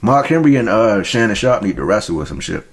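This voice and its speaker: A man's voice: lowish voice, sing-song, fairly quick. A man hosting a reaction video, casually commenting in profane, slangy, joking asides and talking straight to the person on screen.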